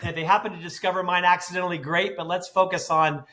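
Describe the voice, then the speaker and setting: A man's voice: high voice, steady tone, fast talker, bright, forceful tone. A man in his fifties, a podcast guest, talking intensely and animatedly with self-deprecating humor. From United States. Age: 50s. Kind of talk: podcast interview.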